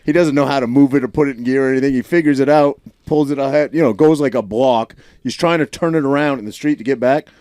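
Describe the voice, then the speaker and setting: A man's voice: mid-range voice, fast, hardly any pauses, a little mellow, dry recording, clean studio sound. A man, a podcast host, telling stories in a loose, profane casual chat.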